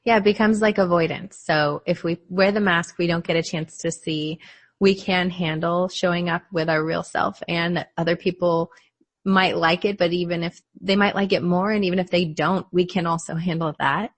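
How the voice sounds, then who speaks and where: Woman psychologist, reflective and chatty, lower voice, dry close sound. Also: fairly even intonation, normal speed, dry recording. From United States. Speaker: psychologist, podcast guest. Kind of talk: casual conversation.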